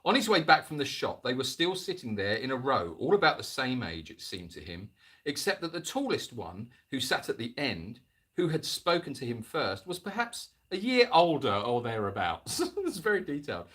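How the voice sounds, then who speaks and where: A man reading a spooky story to a livestream audience, pausing again and again to mock it with dry, jokey asides. His voice is husky yet bright, with a lively, swooping pitch. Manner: jokey, interrupts the reading with sarcastic comments.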